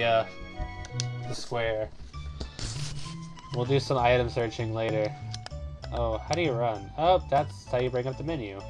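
A man hosting a casual let's play, rambling through his plans and reading game text, with many fillers and asides. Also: medium pitch.

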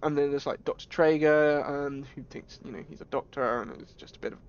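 A man streaming a horror game, talking in a jokey, excitable way with yelps and laughs. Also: a little high, a little fast, smooth, muffled recording. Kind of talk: gaming commentary.

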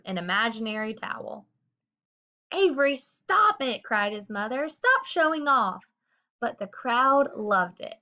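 A woman narrating a children's book aloud with a steady, expressive reading. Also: mid-range voice. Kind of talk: storybook read-aloud. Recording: dull lo-fi recording.

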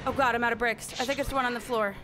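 A woman's voice: on the high side, fairly even intonation, very fast, music in the background. A woman playing a horror game and commenting, frightened, repeating herself and swearing. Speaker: gamer. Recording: noisy with game sound behind.

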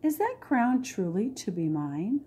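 A woman's voice: fairly high pitch, sing-song, a little slow, dark tone, slightly rough, pitched above the performer's own voice, full character voice. A woman reading aloud voices a sweet, eager teenage princess in a storybook, with breathless, wide-eyed exclamations. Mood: excited.

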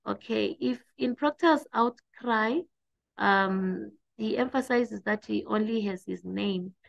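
A woman teacher giving an exam revision lesson, explaining slowly and restating points with hesitant fillers. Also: medium pitch, creaky, no echo, muffled recording. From South Africa.

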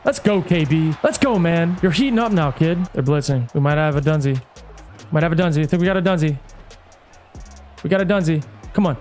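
Male gamer, excitable play-by-play of his own game, coaches himself aloud, slightly high voice, faint music bed. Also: fast talker. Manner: excitable, coaching himself, yelling at big plays. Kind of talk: hyped live gameplay commentary.

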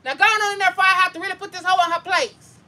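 A woman's voice: very high-pitched, very fast, pushed and bright. A woman vlogger at home on a livestream, talking bluntly and profanely as she scolds and rants. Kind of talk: casual livestream rant.

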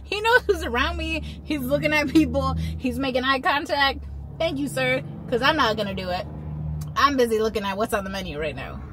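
Her voice is high with lively intonation at a normal speed as she vlogs casually to a phone camera. She's a mom in her thirties, in a car and out and about, telling playful, wandering stories.

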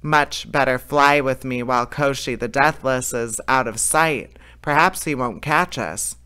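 A man's voice: mid-range voice, measured pace, sharp tone, clean tone. A man voicing an earnest young prince searching for his wife.

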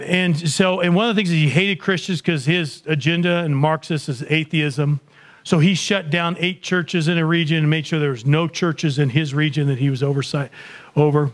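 Guy preaching a story at church, kinda high voice, earnest, builds up. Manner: earnest, builds intensity in dramatic parts. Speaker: guest speaker. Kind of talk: sermon storytelling.

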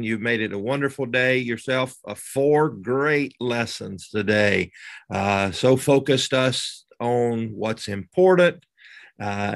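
A man at church giving earnest closing thanks, halting with many fillers. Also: medium pitch, vocal fry, no room sound, studio quality. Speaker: church elder closing the meeting. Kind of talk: closing remarks.

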